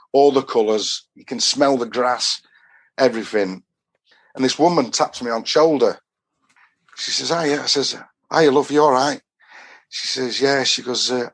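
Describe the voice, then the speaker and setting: A talkative Yorkshire man in a casual podcast chat, spinning one rambling anecdote into the next. His voice sits at an ordinary middle pitch, and he slips into the voices of the people he quotes as he goes. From Doncaster, England. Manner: rambling storyteller who acts out quoted dialogue. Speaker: football fan guest.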